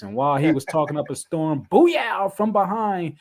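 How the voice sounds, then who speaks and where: A man from the US West Coast co-hosting a wrestling podcast, talking in casual, slangy, animated chat and laughing often. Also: fairly high pitch, normal speed, few pauses. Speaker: podcast co-host.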